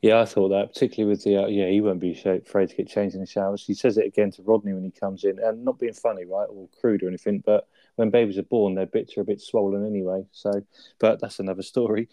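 A man's voice: on the low side, level tone, quick pace, dark tone, no room sound. A young man co-hosting a casual chat about a sitcom episode, laughing often and acting out quoted lines. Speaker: podcast co-host.

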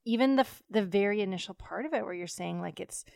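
A woman's voice: medium pitch, fast, gravelly, a little mellow, no echo. A woman hosting a conversational interview, speaking in an empathetic, reflective way with many fillers. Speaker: podcast host.

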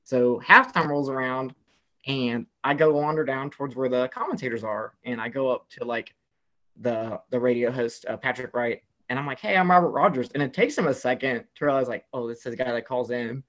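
A young man from the American South telling an excited story in casual chat, filling his talk with "like" and acting out what people said. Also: mid-range voice, brisk, lo-fi sound. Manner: excitable storyteller, heavy "like" filler, acts out quotes. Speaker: guest telling a travel story.

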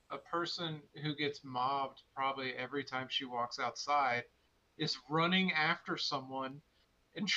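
Deadpan man on a dull lo-fi mic. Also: a little high. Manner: dismissive, deadpan, profane. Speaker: podcast co-host. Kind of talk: casual comedic chat.

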